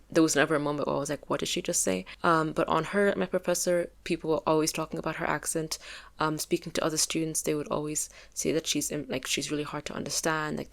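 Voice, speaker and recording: Fast-talking woman with a low voice. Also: creaky. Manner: opinionated, filler-heavy, conversational. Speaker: video essayist. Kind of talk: casual commentary.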